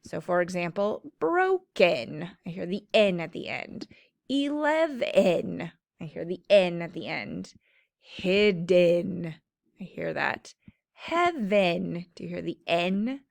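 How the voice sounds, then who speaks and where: A woman teacher giving a slow, clear phonics lesson to children, stretching out the sounds of words. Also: fairly low pitch, very animated, no echo.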